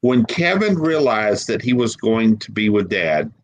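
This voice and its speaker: Emotional man with a low voice. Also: sing-song, dull audio. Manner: emotional, halting, repeats words. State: holding back tears. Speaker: guest paranormal investigator. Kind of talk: personal storytelling in an interview.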